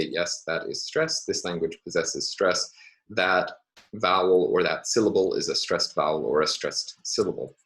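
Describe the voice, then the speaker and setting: Very deep-voiced male lecturer, halting. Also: fairly bright tone, poor audio. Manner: measured, hesitant with frequent fillers. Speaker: university lecturer. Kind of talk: recorded university lecture.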